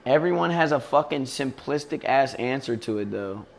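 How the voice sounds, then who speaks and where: A man's voice: medium pitch, lively intonation, moderate pace, vocal fry. A man streaming live, ranting casually and profanely, often mimicking others in mocking voices. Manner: profane, heated venting.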